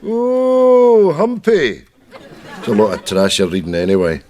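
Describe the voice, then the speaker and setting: A man's voice: measured pace, some chatter behind. An actor with a Scottish accent playing a grumpy old man called Jack, bickering and grumbling in a sketch comedy. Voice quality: grumbling, bickering, lively pitch.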